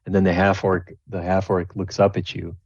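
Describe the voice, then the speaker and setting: A man's voice: sits low, monotone, normal speed, creaky, darkish tone, husky, no echo. A man acting as game master, narrating a tabletop game in a rambling way with many restarts. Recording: dull lo-fi recording, dry.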